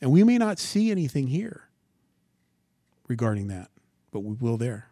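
Animated male preacher, dry close sound. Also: mid-range voice, moderate pace, no echo. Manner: animated, rhetorical questions, dramatic swings from quiet to loud. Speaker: pastor. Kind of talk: sermon.

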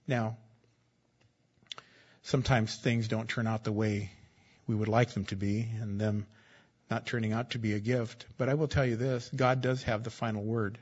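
A man's voice: lowish voice, flat delivery, moderate pace, pauses often, a little mellow, husky, highs cut off. A man preaching a sermon as pastor, in a conversational, joking style that repeats key phrases.

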